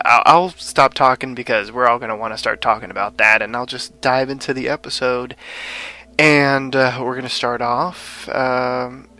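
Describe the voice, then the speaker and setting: A man's voice: medium pitch, bright, forceful tone, poor audio. A man hosting a podcast, casually recapping an episode with many fillers and restarts. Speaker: podcast host.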